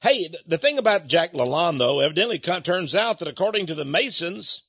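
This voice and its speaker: A man's voice: fairly high pitch, expressive, a little fast, a bit bright, slightly rough, dry recording, dull audio. A middle-aged man hosting a rambling talk-radio monologue in a folksy, confiding way, chuckling between points.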